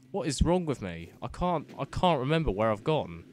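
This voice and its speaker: A young man, giving flustered, self-mocking let's-play commentary with sudden loud outbursts and muttered swearing. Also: medium pitch, big pitch swings, a little fast, a little hiss or hum. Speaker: gaming commentator.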